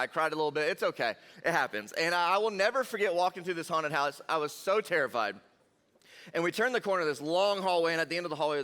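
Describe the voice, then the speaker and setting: A young man giving a lively, jokey youth sermon and talking straight to the crowd. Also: on the high side, clear, resonant tone. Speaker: youth pastor. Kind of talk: energetic youth sermon storytelling. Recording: long hall reverb.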